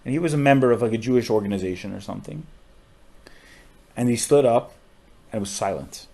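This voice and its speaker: A man, a rabbi on a podcast, tells a story with strong feeling, often saying "like" and dropping to a hushed voice at sad moments. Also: mid-range voice, fairly quick, creaky. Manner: emotional storyteller with frequent "like" fillers.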